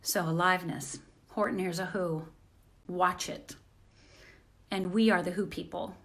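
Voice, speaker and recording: A woman's voice: fairly low pitch, steady tone, measured pace, fairly bright tone. A woman hosting a motivational live stream from home on her phone. She talks in an earnest, encouraging way and often repeats phrases.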